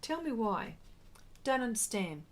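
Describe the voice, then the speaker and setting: A woman's voice: a little high, sing-song, unhurried. An Australian woman hosting a casual art livestream, chatting and answering viewer comments in a rambling, friendly way. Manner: brightens and rises when greeting viewers.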